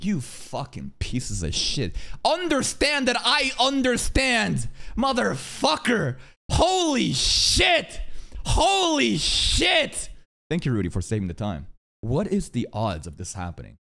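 A man giving live reaction commentary on an anime, excitable and profane, often yelling at his chat. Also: high-pitched, takes it slowly, creaky.

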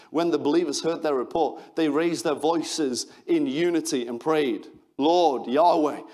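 A man's voice: a little high, darkish tone. A man with an English accent preaching an impassioned sermon as pastor, reading scripture aloud and calling out to the congregation. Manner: impassioned preaching with call-outs and Bible reading. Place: church in Manchester.

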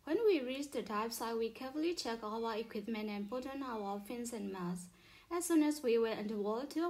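A woman reading children's stories aloud in a steady, clear read-aloud manner. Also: on the high side. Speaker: storyteller.

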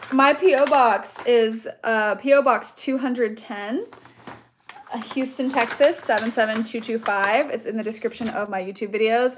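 High-voiced young woman gushing over gifts. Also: a little hiss or hum. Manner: says "so cute" and "oh my gosh" over and over. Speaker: YouTuber. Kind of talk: casual chat unboxing fan mail.

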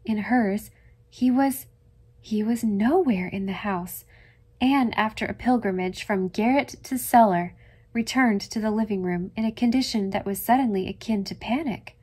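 A woman narrating a classic novel in a measured, expressive audiobook reading. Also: medium pitch, slightly rough.

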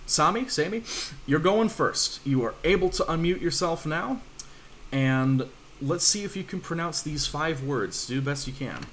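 A man's voice: on the high side, animated, measured pace, a bit bright, slight background noise. A man teaching a language class over a voice call, in a casual, reassuring way. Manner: casual, reassuring, fillers and restarts. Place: home room, online voice call.

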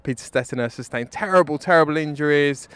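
A man's voice: a little high, quick pace, a bit bright, clear, resonant tone. Wry man filing a dispatch. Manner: wry, rambling, self-mocking. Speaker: correspondent. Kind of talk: spoken dispatch.

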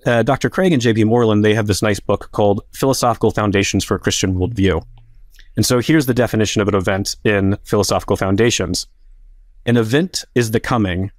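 A man with a low, dry-sounding voice lays out an academic argument in a debate. He talks casually, leaning on frequent fillers as he goes. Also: no room sound. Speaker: philosopher in a debate.

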